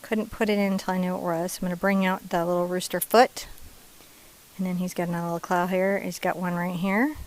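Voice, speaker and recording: Woman, painting teacher, playful chatty delivery, soft asides, mid-pitched voice. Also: poor audio. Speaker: painting instructor. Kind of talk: casual step-by-step painting lesson.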